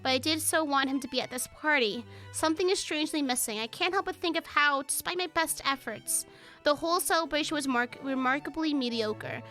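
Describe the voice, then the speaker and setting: A woman streamer reads a dating game's narration aloud in a measured tone, dropping profane asides between passages. Her voice is high and bright. Faint game music plays behind her. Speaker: gaming streamer. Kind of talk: reading a game aloud with reactions.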